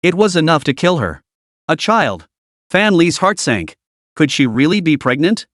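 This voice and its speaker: A man's voice: fairly high pitch, sing-song, normal speed, a bit bright, no echo, studio quality. A man narrating a romance drama recap in a scripted storytelling style.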